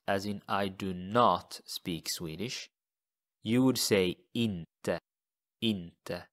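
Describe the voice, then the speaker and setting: Slow, gravelly male language teacher. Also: on the low side, fairly bright tone. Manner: slow, deliberate, repeats example phrases. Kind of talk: scripted language lesson.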